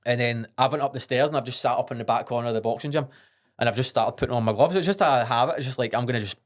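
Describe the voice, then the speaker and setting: Glaswegian guy telling a story on a podcast, talks quick, swears a lot, keeps restarting himself. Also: mid-range voice. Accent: Scottish, Glaswegian. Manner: blunt, sweary and earnest, with many restarts. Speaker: podcast guest. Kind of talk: casual storytelling.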